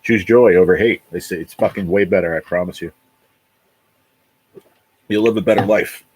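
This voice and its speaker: Late 40s guy chatting on his livestream, deep husky voice, swears a lot, says things twice. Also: no room sound, low-quality recording. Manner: blunt, heavy swearing, repeats himself. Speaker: livestream host. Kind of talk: casual livestream chat.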